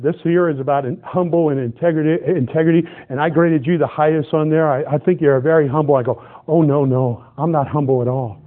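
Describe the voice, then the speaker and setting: A middle-aged man preaching a sermon, telling stories with animated, excitable bursts. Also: fairly high pitch. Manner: animated storytelling, shifts to loud excited outbursts. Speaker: pastor. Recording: tinny phone-like band.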